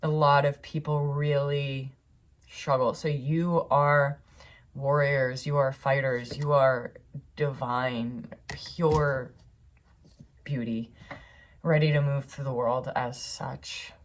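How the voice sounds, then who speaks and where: A woman's voice: a bass voice, steady tone, slow pace. A young woman reading cards for viewers, earnest and rambling with many fillers, recorded on a phone. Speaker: tarot reader.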